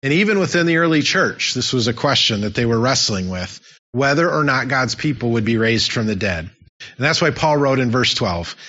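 A man's voice: medium pitch, lively intonation, normal speed, pushed and bright. A man preaching a sermon as pastor, emphatic and repeating his key phrases for effect. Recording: dull lo-fi sound.

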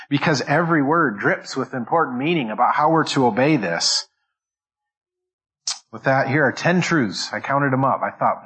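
A man's voice: medium pitch, a bit bright, rough recording. A man preaching a sermon as pastor, stressing each word and often repeating and restarting phrases as he goes. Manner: restarts and repeats words while thinking aloud.

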